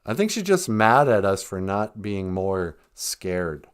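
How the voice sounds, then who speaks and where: A man hosting a comedy podcast, joking darkly in a deadpan, drawling way. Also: fairly low pitch, slow pace. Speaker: podcast host.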